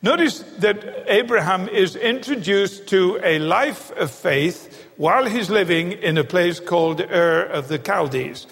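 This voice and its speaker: A man's voice: high-pitched, gravelly, a bit bright. A man preaching a sermon, emphatic, repeating key phrases for stress, recorded in a large church hall. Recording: long hall reverb.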